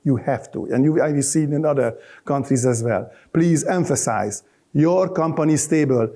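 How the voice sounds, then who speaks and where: A man's voice: a little high, moderate pace, warm tone. A middle-aged man with a Hungarian accent, giving a loose, joking conference talk full of restarts and fillers. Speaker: conference speaker. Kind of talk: live conference presentation. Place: conference hall.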